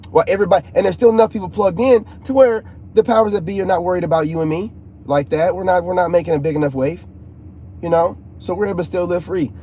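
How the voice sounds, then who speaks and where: A man talking to his viewers in a casual, rambling monologue, restless and animated, often repeating himself. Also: high voice, fast, breathy edge. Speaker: YouTuber.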